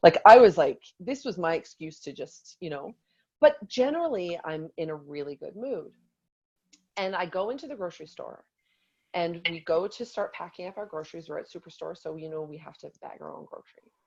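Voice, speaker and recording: Animated storytelling woman in her 40s. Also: on the low side, brisk, slightly rough, highs cut off. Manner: animated storytelling, acts out quotes. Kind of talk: motivational talk.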